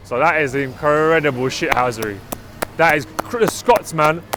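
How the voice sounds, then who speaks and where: A man with a London accent co-hosting a casual football chat, relaxed, leading segments and talking to viewers. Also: a little high, moderate pace, noisy background. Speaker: podcast co-host.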